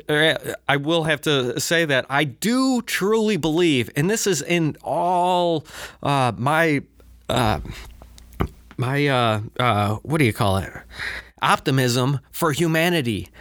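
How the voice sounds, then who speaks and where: A man's voice: on the high side, fairly bright tone, no room sound, clean studio sound. A man hosting a solo podcast from his basement, ranting with heavy swearing, rambling asides and lots of filler words. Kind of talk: profane ranting monologue. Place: home basement, alone.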